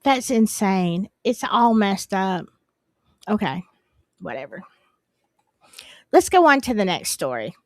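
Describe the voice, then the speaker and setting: A woman's voice: mid-range voice, sing-song, slow, pauses often, no room sound, studio quality. A woman hosting a live stream, chatting casually and apologizing in a flustered, rambling way. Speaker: livestream host.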